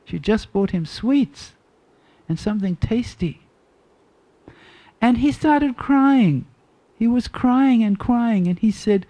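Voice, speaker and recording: An older woman tells a devotional story at an unhurried pace. Her voice is soft and mellow, and she circles back over her phrases to let each point land. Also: fairly high pitch, expressive. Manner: slow, deliberate storytelling with repeated phrases. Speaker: devotional class speaker. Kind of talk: storytelling sermon.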